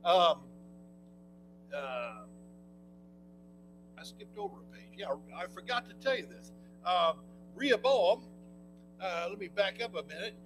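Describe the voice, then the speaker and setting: A man teaching a church Bible class, talking in a halting way with many fillers and restarts. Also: sits high, big pitch swings, over music, low-quality recording.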